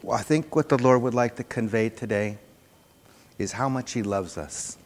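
A man preaching a sermon, soft-spoken and earnest, repeating phrases for emphasis, into a microphone on a church sound system. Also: medium pitch, moderate pace. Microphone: handheld or stand microphone on a PA. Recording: long hall reverb.

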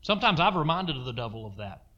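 A male preacher delivers a sermon with a high, lively voice that swoops up and down. His tone is bright and forceful. He punctuates his points with emphatic calls to the congregation. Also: fast, muffled recording. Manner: emphatic, call-and-response asides to the congregation.

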